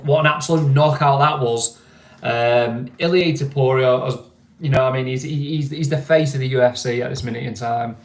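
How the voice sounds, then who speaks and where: A man's voice: medium pitch, steady tone, moderate pace. Male host, casual sports chat, rambling and filler-heavy, roomy echo. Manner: rambling, repeats words and uses many fillers. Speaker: podcast host. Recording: echoey room, faint noise.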